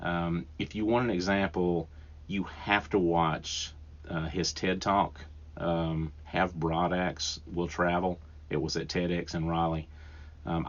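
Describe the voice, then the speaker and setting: A man's voice: low-pitched, lo-fi sound. A man with a thick Southern accent hosting a podcast, recommending books in an enthusiastic, rambling way with fillers and restarts. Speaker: podcast host. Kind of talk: casual book recommendations.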